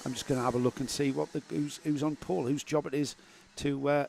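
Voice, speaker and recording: A man's voice: a little high, fairly even intonation, quick pace, creaky, darkish tone, slight background noise. Man commentating live karting. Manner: chatty, reads out results and greets viewers. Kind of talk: live race commentary and viewer chat.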